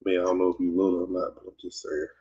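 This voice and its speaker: Southern mississippi guy hosting a chill podcast, low husky voice, rambles and teases, kinda dull lo-fi sound. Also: completely flat delivery, racing, mellow. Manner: rambling and teasing, many fillers and restarts. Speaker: podcast host. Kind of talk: casual livestream chat reading comments.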